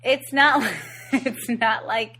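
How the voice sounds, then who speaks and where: A woman's voice: fairly high pitch, steady tone, drawn-out words, crowd noise. A woman co-hosting a podcast, chatting casually about a movie and laughing often. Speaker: podcast co-host.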